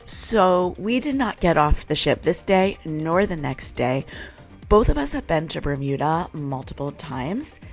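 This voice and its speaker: A woman's voice: deep voice, very animated, unhurried. A woman hosting a casual travel vlog, chatty and frank, complaining with humor. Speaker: vlog host. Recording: music playing underneath.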